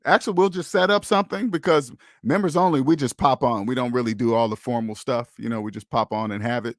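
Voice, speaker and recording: A man's voice: mid-range voice, quick pace, no echo, clean studio sound. A man hosting a casual livestream, talking to viewers in an emphatic, preachy way and repeating his points. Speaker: host of a personal finance livestream.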